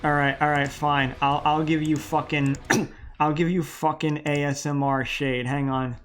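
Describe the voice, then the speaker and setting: A man's voice: a little high, flat delivery, measured pace, fairly bright tone, faint music behind. A man chatting casually with his live-stream chat, laid-back and swearing offhandedly.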